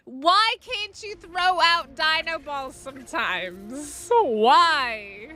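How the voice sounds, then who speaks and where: Bright, lively high-voiced woman streamer. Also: soft background music. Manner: excitable, quick to exclaim and laugh. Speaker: game streamer. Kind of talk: live gaming commentary.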